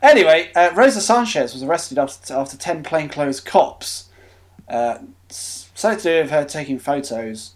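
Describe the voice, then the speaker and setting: A man's voice: a little high, lively intonation, normal speed. Man reading out silly news. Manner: mock-announcer, giggly, stumbles over words. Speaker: podcast host reading news items. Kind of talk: comedic news-reading chat.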